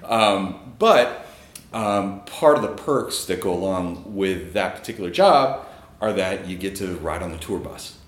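A man's voice: deep voice, expressive, measured pace, echoey room. A man telling a personal story in a casual, rambling way, with fillers and chuckles. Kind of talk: live storytelling.

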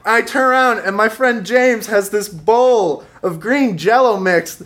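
A man's voice: high voice, measured pace, a bit bright. A young man telling a funny personal story on stage, wry and self-mocking, laughing along as he talks. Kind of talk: stand-up storytelling.

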